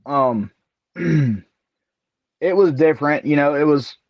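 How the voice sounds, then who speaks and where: Slow-talking man from Alabama. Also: fairly high pitch, no echo. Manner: slow, measured, clears throat. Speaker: wrestler guest. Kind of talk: casual interview answers. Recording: dry, dull lo-fi audio.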